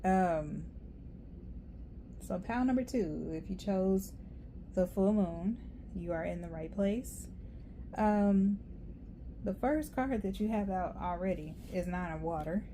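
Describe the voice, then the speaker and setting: A woman's voice: mid-range voice, slow pace, pauses often, warm tone, slight background noise. Rambling, chatty woman reading tarot. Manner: rambling, chatty, laughs often. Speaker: tarot reader.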